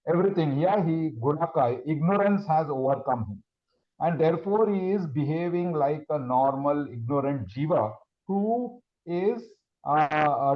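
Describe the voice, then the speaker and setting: A man teaching a scripture class, explaining verses in a halting, conversational way with many fillers. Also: a little high, lo-fi sound.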